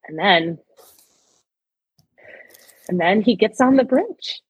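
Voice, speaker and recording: Woman, podcast co-host, husky, dry close sound, emotional retelling. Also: medium pitch, lively intonation, slow, no echo, dull audio. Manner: emotional, enthusiastic retelling of film scenes. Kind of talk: casual chat.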